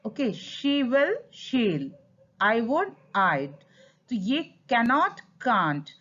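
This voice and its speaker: A woman's voice: on the high side, very animated, slow pace, a bit bright. A woman with an Indian English accent teaching a grammar lesson, stressing key words and slipping into Hindi to explain. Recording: dull lo-fi sound.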